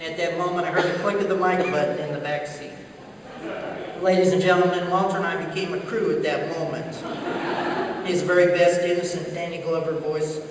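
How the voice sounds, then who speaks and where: A man's voice: a little high, a little fast, background noise. Man telling stories in an echoey hall. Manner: animated anecdotal delivery, acts out radio voices. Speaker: keynote speaker. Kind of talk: humorous storytelling speech. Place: large conference hall. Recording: echoey hall, speaker far from mic.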